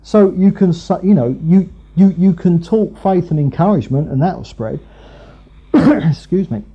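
A man's voice: high-pitched, normal speed, husky, lo-fi sound. A man preaching a conversational sermon, rambling with many fillers and restarts. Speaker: preacher, Bible teacher.

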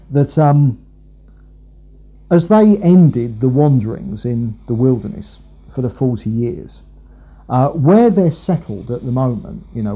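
Husky, mellow preacher. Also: male voice, mid-range voice, dull audio. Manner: rambling, many fillers and restarts. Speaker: preacher, Bible teacher. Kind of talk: conversational sermon.

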